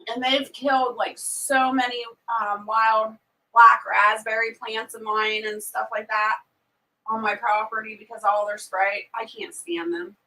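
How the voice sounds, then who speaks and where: High, bright-voiced chatty woman streamer. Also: level tone. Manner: chatty and outspoken, quick to vent. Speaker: homestead live-streamer. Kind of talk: casual live-stream chat with viewers. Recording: voice a bit distant from the mic.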